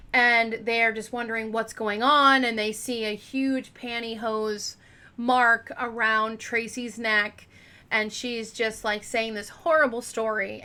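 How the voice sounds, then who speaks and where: Bright-voiced chatty true crime host woman. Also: fairly high pitch. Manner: chatty and rambling, with many fillers. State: slightly cracking voice. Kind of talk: casual true crime storytelling.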